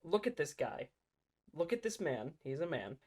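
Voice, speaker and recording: A man's voice: fairly high pitch, sing-song, moderate pace, music in the background. A man hosting a political reaction commentary, talking in a mocking, sarcastic way and breaking into laughter.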